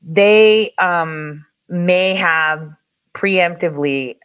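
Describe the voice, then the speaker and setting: A woman vlogger giving casual, animated commentary, often laughing and incredulous. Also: lowish voice, drawn-out words, clean tone.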